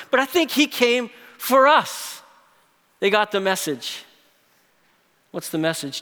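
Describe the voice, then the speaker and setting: Bright-voiced male preacher in echoey hall. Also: on the high side. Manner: dynamic preaching, swings from loud emphasis to hushed tones. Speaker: pastor. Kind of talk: sermon.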